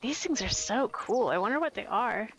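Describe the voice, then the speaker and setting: A woman's voice: a little high, expressive, moderate pace, slight background noise, rough recording. Playful rambling woman streamer. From United States. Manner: rambling, playful, self-commenting. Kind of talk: casual gameplay chat.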